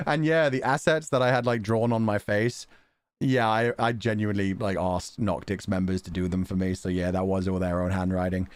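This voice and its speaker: A man casually chatting on a livestream, excitable, laughing often and swearing now and then. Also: fairly low pitch, normal speed, dry recording. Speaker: streamer.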